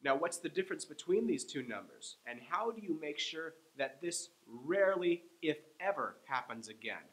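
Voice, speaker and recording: Slow, emphatic male English teacher. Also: medium pitch, fairly bright tone, rough recording. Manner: slow, emphatic, repeats words for practice. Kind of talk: pronunciation lesson.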